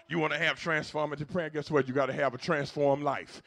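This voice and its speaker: A man preaching a sermon as pastor, moving from quiet storytelling to loud, repetitive exhortation. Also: on the high side, fairly even intonation, a little fast, gravelly, hardly any pauses, no echo, clean studio sound. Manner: swings from hushed storytelling to loud preaching, repeats phrases. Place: church sanctuary.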